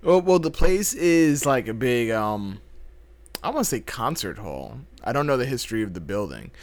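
A man co-hosting a casual podcast, explaining things in a measured way with a few restarts. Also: medium pitch, very animated, no room sound. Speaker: podcast co-host. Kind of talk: casual conversation.

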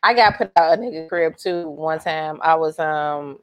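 A woman telling a story in casual chat, profane and animated, acting out what others said and laughing often. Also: sits low, moderate pace. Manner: animated and profane, acts out quotes in other voices.

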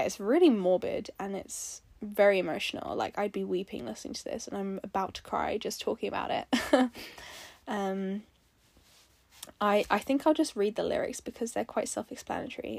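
Woman with a gravelly, earnest voice. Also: mid-range voice, darkish tone, no room sound. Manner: earnest, emotional, rambling with fillers and restarts. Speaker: music reviewer. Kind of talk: casual song breakdown.

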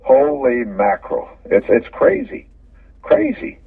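An older Canadian former hockey player in a casual interview, rambling through stories, repeating words and chuckling. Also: male voice, mid-range voice, huge pitch swings, slow, breathy edge, no echo. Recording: phone-line audio from a distance.

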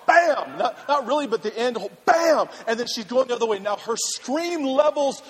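A male pastor telling a funny personal story in a sermon, animated and laughing, then turning earnest. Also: very high voice, a little fast. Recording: reverberant hall with faint ambience.

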